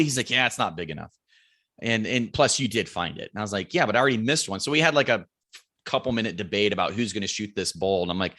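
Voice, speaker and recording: A young man, a guest on a podcast, tells a long story with loose, animated energy, jumping into the voices of himself and his buddy and cursing freely. His voice has a bright, sharp edge to it. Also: fairly low pitch, fast talker. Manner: animated storyteller acting out quotes, swears freely.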